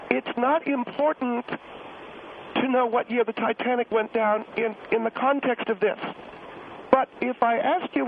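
A man's voice: very high voice, pitched above the performer's own voice. A man voicing a prickly, haughty middle-aged woman who calls in to a radio show and talks down to the host. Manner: indignant, huffy and condescending. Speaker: radio guest on the phone. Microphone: telephone. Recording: tinny phone line, faint hiss.

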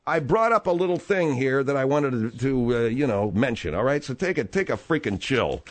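A man's voice: mid-range voice, big pitch swings, normal speed. A man hosting a radio talk show, bluntly reading news items and throwing in sarcastic asides. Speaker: radio host. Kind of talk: casual radio banter.

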